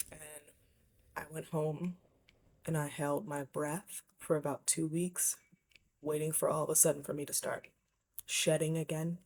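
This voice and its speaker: A woman with a low, breathy voice talks candidly to camera in a personal vlog. She sounds reflective and often sinks to a near whisper. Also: little pitch movement, moderate pace, a little mellow. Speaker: vlogger.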